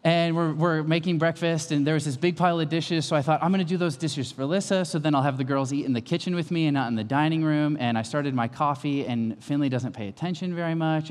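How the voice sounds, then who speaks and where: A male pastor in his thirties preaching a sermon, with lively storytelling that swings from calm to loud. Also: medium pitch. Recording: long hall reverb.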